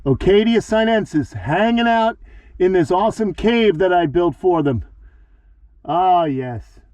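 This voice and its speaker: A man's voice: high voice, animated, measured pace, darkish tone, no echo. A man hosting a casual backyard vlog, chatty and upbeat, a little out of breath, fondly talking to his animals. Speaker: vlog host. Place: outdoor backyard. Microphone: handheld phone.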